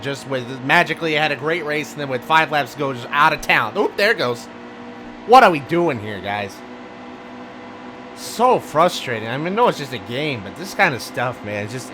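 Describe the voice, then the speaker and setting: A man giving live commentary on a racing game, grumbling and ranting, swinging from low muttering to loud outbursts. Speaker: gaming video host. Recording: game engine noise behind voice. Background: racing game car sounds.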